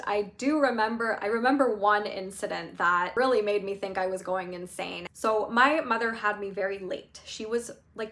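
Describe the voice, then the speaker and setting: A woman's voice: medium pitch, fairly bright tone. A woman in her thirties, a life coach, telling a personal story in a candid, chatty way with lots of filler words and wry laughs. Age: 30s. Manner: wry, laughs through painful memories. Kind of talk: casual storytelling monologue.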